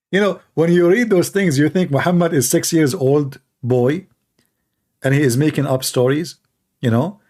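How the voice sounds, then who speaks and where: A man's voice: fairly high pitch, measured pace, long pauses, darkish tone. Sarcastic man hosting religious commentary. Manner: sarcastic, incredulous. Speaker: debate channel host.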